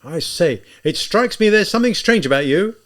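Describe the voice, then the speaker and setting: A man's voice: sits high, expressive, normal speed, fairly bright tone, voice pushed up. A man doing a flustered young clerk. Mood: agitated. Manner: anxious, rising and protesting. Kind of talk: audiobook character voice.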